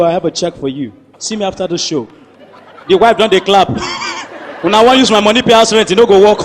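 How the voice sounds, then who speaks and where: Nigerian man, stand-up comedian, high voice, lively swings in pitch, reverberant hall. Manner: animated storytelling with shouted sound effects. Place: large hall before a live audience.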